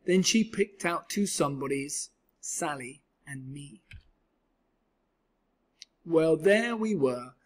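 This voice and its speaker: Husky man reading a rhyming kids' book. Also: fairly high pitch, slow, pauses often. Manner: rhythmic, expressive. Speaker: storyteller. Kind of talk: reading a children's book aloud.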